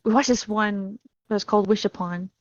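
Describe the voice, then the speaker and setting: A woman's voice: mid-range voice, steady tone, fairly quick, dry recording, dull audio. A woman chatting casually as a podcast guest, rambling and laughing while she tells stories. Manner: rambling, giggly, acts out her own reactions. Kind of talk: casual chat.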